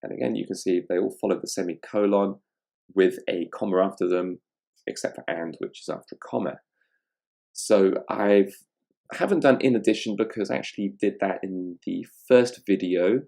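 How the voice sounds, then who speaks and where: Deep gravelly male grammar tutor. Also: darkish tone. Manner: reads example sentences aloud, unhurried with frequent ums. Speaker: online English tutor. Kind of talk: explaining grammar over slides.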